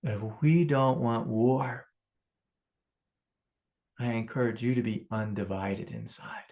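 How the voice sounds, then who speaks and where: A man leads a satsang as a spiritual teacher, his mid-range voice roughened by a gravelly fry. He laughs readily and swings between impassioned pleading and soft, hushed prayer. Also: mid-range voice, steady tone, slow pace. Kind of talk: satsang talk.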